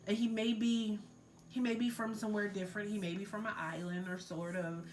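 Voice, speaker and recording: A woman talks through a tarot reading in a loose, filler-heavy way, earnestly pressing her listeners to let things go. Her voice sits at an ordinary middle pitch. A faint hiss runs under the recording. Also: level tone, a little fast. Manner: loose and filler-heavy, many likes and ums. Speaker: tarot reader. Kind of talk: casual spiritual tarot reading.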